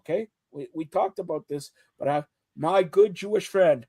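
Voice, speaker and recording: Male talk-show host, high-pitched, brash joker, dry close mic. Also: moderate pace, no echo. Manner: loud, joking, teasing. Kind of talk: casual sports talk banter.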